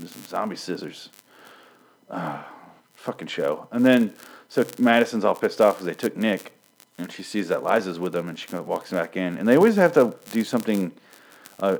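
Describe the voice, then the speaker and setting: Rambling, sarcastic man with a very deep voice. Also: rough recording. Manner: rambling, sarcastic, swears a lot, acts out lines. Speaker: TV episode recapper. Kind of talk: casual profane recap.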